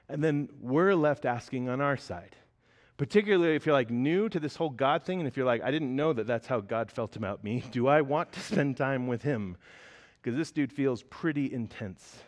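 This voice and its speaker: A young adult man, a pastor, preaching a sermon in an earnest way, swelling to loud emphatic peaks and then dropping back soft. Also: mid-range voice.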